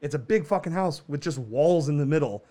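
A podcast co-host with a higher-leaning voice speaks briskly, telling a story in casual chat. He's an animated storyteller who swears freely and laughs a lot.

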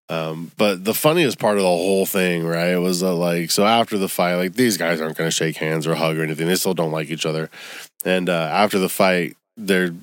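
Young male comic host, low-pitched, profane animated rant, dry room. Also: smooth, dry recording. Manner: profane, animated ranting, gets loud and high when worked up. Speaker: comedian podcast host. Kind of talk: casual solo rant.

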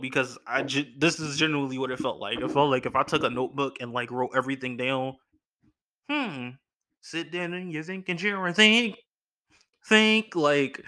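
A young man hosting a podcast, telling a story in a casual, slangy, animated way, laughing between lines. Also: mid-range voice. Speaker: podcast host.

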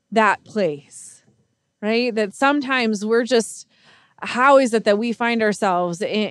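A woman's voice: a little high, no echo. A woman preaching a sermon in earnest storytelling style, with frequent restarts.

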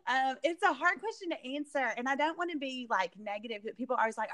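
A woman's voice: sits high, quick pace, hardly any pauses. A woman, co-hosting a casual chat, who laughs often and reflects on her own life. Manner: warm reactive listener, laughs often, reflective. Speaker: podcast co-host.

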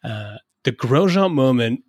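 A man from France co-hosting a podcast in casual chat, laughing often and quick with asides. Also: mid-range voice, expressive, a little mellow, no echo, clean studio sound. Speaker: podcast co-host.

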